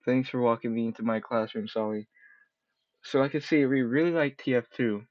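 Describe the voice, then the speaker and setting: A man's voice: mid-range voice, fairly quick, dry recording, highs cut off. A man streaming a game from a room at home, rambling and self-deprecating, swearing casually as he chats. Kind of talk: casual live-stream commentary.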